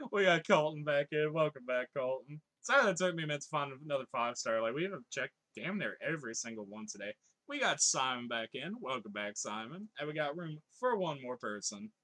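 A man's voice: on the high side, lively intonation, fairly quick, bright, forceful tone. A man in his thirties streaming live, chatting casually, reading viewers' comments aloud and laughing often.

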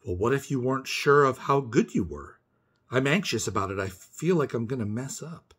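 A man's voice: mid-range voice, moderate pace, husky. A man voicing an anxious young boy in a storybook read-aloud. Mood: worried. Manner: worried, then excited. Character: nervous young boy preparing for a spelling bee.

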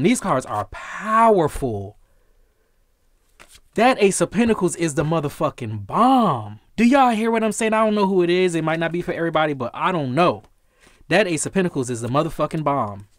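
Excitable, cursing man reading tarot. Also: on the high side, a little fast, dry recording. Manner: excitable, swears often. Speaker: tarot reader.

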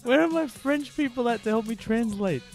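An adult man chatting excitedly to viewers as he wraps up a live game stream, peppering his talk with "like". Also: very high voice, normal speed, soft background music. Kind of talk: live-stream casual chat.

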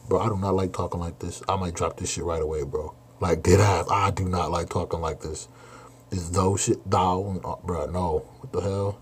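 A man's voice: deep voice, steady tone, moderate pace, slight background noise. A man doing a casual live reaction, blunt and exasperated, swearing and saying "bro" constantly. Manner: slangy, swears a lot, keeps saying bro. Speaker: manga reaction streamer.

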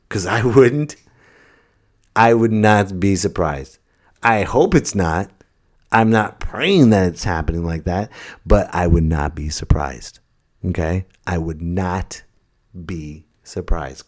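Low-voiced man ranting on a comedy podcast. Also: moderate pace. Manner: rambling, self-interrupting, jumps between loud and muttered. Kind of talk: comic monologue.

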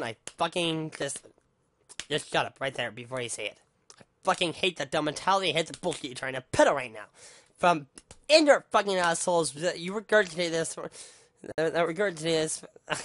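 Heated and profane, a man delivers an angry rant monologue to the camera for his vlog, tripping over his words and restarting again and again. He speaks at normal speed in a fairly high, fairly bright, animated voice.

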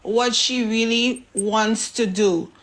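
A woman's voice: a little high, fairly even intonation, slow. A woman from the Caribbean on a live call, speaking earnestly and reassuringly. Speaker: caller.

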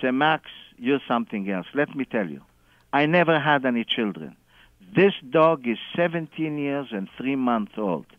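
On a dull phone line to a radio show, a man spins a long, lively tale, laughing frequently and putting on voices for the people he quotes. His medium-pitched voice is expressive, his pace moderate, and the recording is dry.

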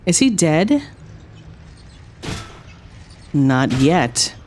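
A woman streamer commenting on her game and talking to her chat, sarcastic and playful, swinging from drowsy mumbling to excited shrieks. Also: deep voice, slow, slight background noise.

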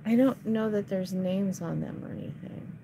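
A woman's voice: mid-range voice, moderate pace, creaky, noisy background. A woman chatting casually to viewers at home while showing resale items, easily frustrated, sighing and grumbling at her camera.

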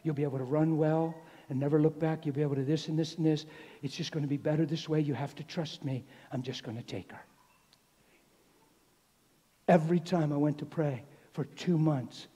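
Middle-aged male preacher, dark husky voice, goes from hushed to loud, big hall reverb. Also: a little high. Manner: swings from hushed near-whisper to loud exclaiming. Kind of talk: sermon. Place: church hall.

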